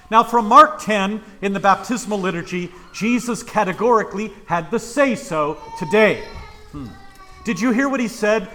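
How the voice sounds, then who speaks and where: A man's voice: high voice, bright, forceful tone. A male pastor preaching a sermon in church, emphatic and full of rhetorical questions.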